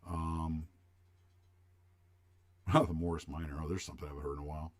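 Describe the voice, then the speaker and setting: Very deep-voiced older man reminiscing. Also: level tone, a little fast. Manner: rambling, reminiscing, answers chat questions. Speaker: livestream host. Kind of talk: casual chat with viewers.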